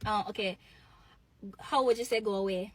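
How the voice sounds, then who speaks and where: A woman's voice: mid-range voice, normal speed, husky, dry recording. A woman from Barbados with a Barbadian accent, quizzing someone on slang and comparing phrases. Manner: quiz-like, asking and comparing phrases. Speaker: interviewer asking slang questions.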